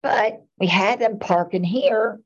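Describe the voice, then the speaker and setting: A woman's voice: mid-range voice, takes it slowly. A middle-aged woman and town commissioner, rambling through casual anecdotes at a meeting. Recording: dull lo-fi meeting recording.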